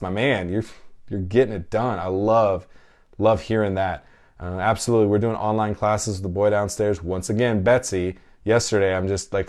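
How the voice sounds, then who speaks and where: A man's voice: fairly low pitch, darkish tone. A man in his thirties hosting a podcast, chatting candidly and emotionally while reading listener comments, swearing freely. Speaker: podcast host. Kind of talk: casual live chat reading listener comments.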